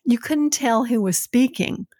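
A woman with a Southern accent co-hosts a casual podcast with her son, speaking in an unhurried, mellow, husky voice on the high side. She comes across as earnest and reflective and laughs easily.

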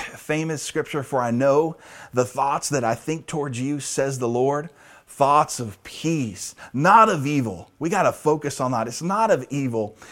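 A man preaching a sermon as pastor, emphatic, repeating key phrases and often asking the congregation "right?", slowing down to stress key lines. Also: a little high. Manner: slows down for emphasis.

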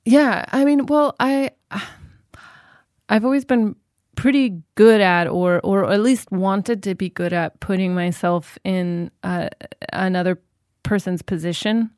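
A woman's voice: medium pitch, fairly even intonation, measured pace, darkish tone, no room sound, studio quality. A woman in her thirties, a guest in an interview, talking reflectively and often restarting her sentences. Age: 30s. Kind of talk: casual interview chat.

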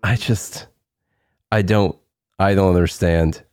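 Male co-host, relaxed and chuckly, low pitch, dry studio sound. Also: slow pace, clean tone, no room sound. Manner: easygoing, laughs often. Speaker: podcast co-host. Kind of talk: casual political chat.

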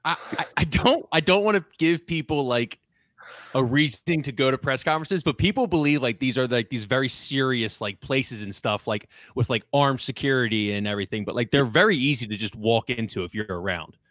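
A man's voice: mid-range voice, a little fast, fairly bright tone, no room sound. Joking male radio host, dry sound. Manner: joking and crude. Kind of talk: casual chat.

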